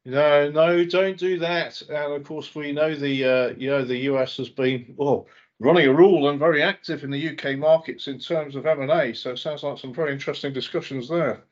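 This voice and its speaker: A man's voice: a little high, steady tone, normal speed. A man co-hosting a market podcast, giving brief, agreeable replies with fillers. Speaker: podcast co-host. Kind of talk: casual market chat. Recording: dull lo-fi audio.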